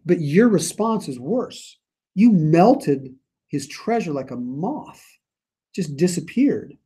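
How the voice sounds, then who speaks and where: A man's voice: fairly high pitch, sing-song, slow pace, mellow, breathy edge. A man leading a church Bible study, reading scripture aloud and then paraphrasing it earnestly in his own words. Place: church meeting room.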